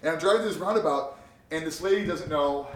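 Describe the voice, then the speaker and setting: Young guy ranting fast with lots of swearing, kinda far from the mic, echoey room. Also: on the high side. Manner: profane, animated storytelling. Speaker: podcast co-host. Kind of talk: casual chat. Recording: roomy sound, distant from mic.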